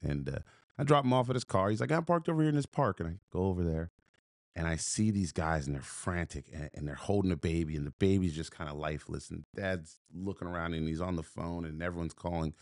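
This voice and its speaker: A man's voice: low voice, a little fast, darkish tone, no echo, clean studio sound. A man telling a story on a podcast in an emphatic, punchy way, repeating phrases and restarting.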